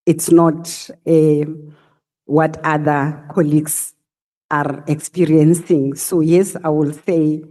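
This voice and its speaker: A middle-aged woman, giving formal testimony to a committee as a senior police officer, in a measured, halting way with filler sounds. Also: deep voice, warm tone.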